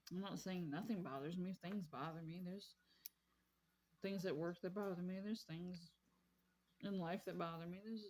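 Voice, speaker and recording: A woman's voice: medium pitch, a little mellow, slight background noise. A woman vlogging casually about her craft hobby, rambling and repeating herself in an easygoing way. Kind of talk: casual chat while crafting.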